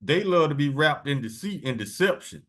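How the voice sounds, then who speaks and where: A man's voice: on the high side, lively intonation, a bit bright. Blunt man reading scripture aloud. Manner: blunt and profane, slow deliberate verse reading. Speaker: preacher.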